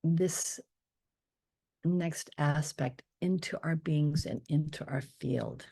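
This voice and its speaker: A woman leading a guided meditation, speaking softly and slowly and often slipping into a whisper. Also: sits low, creaky, slightly rough. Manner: slow, soft and drifting, often dropping to a whisper on affirmations. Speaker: spiritual teacher leading a meditation.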